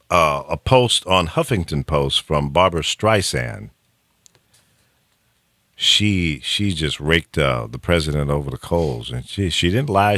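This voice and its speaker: A man hosts a talk show with a very deep voice that still rings bright and forceful. His pitch swings widely as he talks, and he keeps restarting his thoughts and chuckling. The sound is close and dry, with no room in it. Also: no echo. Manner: opinionated, animated, chuckles often, frequent restarts. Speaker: radio talk show host. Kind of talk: casual talk show banter.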